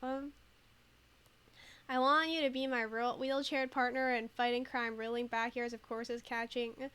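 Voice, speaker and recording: A woman's voice: on the high side, fairly bright tone, clean tone. A woman streamer chatting casually over a game, laughing often and thinking aloud with lots of fillers. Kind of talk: casual let's play commentary.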